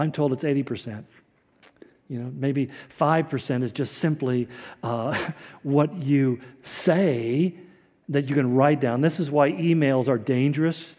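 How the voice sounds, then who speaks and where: A man delivers a relaxed, conversational sermon with a folksy, wry touch, laughing lightly at his own asides. His voice sits a little high for a man, with a mellow, soft-edged tone. The sound carries a long, hall-like reverb. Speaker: preacher.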